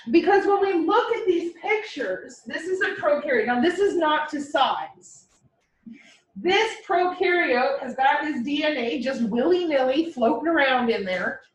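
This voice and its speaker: A woman teaching a biology class, explaining cells in a playful, joking way. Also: high voice. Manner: lively, joking with students. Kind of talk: classroom lecture with playful dramatization. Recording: echoey classroom, mic far from speaker.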